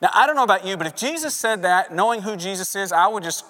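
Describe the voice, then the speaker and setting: High, bright-voiced preacher in a reverberant hall. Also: male voice, quick pace. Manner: animated, acts out quoted voices. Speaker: pastor. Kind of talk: sermon.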